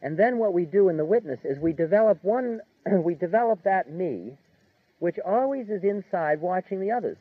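A man giving an informal spiritual lecture in a relaxed, conversational way, chuckling and filling his talk with "like" and "you know.". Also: sits high, normal speed, no room sound. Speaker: spiritual teacher. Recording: tinny narrow-band dry recording.

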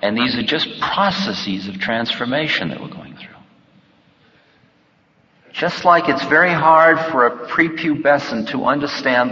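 A man gives a reflective spiritual talk at an easy pace, his tone bright and forceful. His delivery turns playful when he acts out little exchanges. The sound is dull and lo-fi, with a long reverb trailing off the walls of a hall. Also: medium pitch, animated, slight background noise. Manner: unhurried and reflective, with playful acted-out dialogue. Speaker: spiritual teacher. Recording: lo-fi recording in an echoey hall.

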